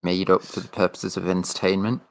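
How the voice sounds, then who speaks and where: A man's voice: deep voice, level tone, brisk, creaky. A man co-hosting a casual podcast, talking in a blunt, sardonic way. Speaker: podcast co-host. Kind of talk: casual chat.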